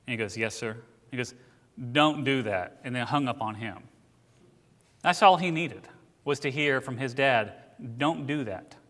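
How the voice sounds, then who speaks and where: A man's voice: medium pitch, fairly bright tone. A man teaching a casual church Bible class, telling stories in a conversational way with asides. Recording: church hall with long reverb.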